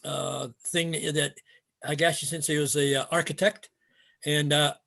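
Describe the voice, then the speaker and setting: A man's voice: a little high, level tone, unhurried, vocal fry, bright, forceful tone. An older man, a retired martial arts instructor, telling stories in a rambling casual way with many fillers and restarts. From Canada. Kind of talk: casual storytelling interview.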